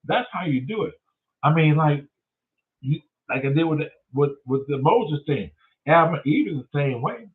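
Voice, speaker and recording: A man's voice: a little high, expressive, moderate pace, distant mic, slight background noise. A man hosting his own show, swearing constantly and retelling Bible stories in street talk. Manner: swears constantly, acts out characters in voices. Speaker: host. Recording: tinny phone-like sound, voice off-mic.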